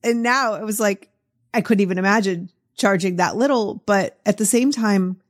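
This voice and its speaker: A woman's voice: mid-range voice, normal speed. A middle-aged woman with a Boston accent hosting a podcast, chatting in a casual, encouraging way and laughing easily. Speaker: podcast host. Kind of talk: casual interview chat.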